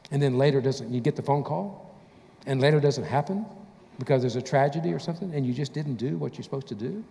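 A man preaching a sermon as a pastor, telling stories in an animated way. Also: mid-range voice, fast talker, creaky, long reverb tail. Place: church sanctuary.

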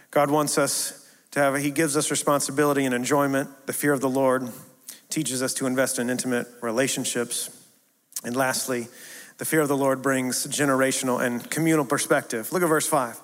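Pastor guy, kinda high voice, earnest sermon, goes soft then punchy, church echo. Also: fairly quick. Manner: earnest, repetitive preaching cadence, swings from hushed to emphatic. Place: church sanctuary. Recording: long hall reverb.

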